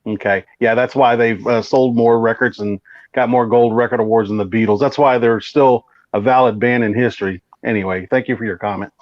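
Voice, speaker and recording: A man co-hosting a casual live-stream chat, blunt and defensive, quick to swear. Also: mid-range voice, fairly even intonation, no echo, highs cut off. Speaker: co-host.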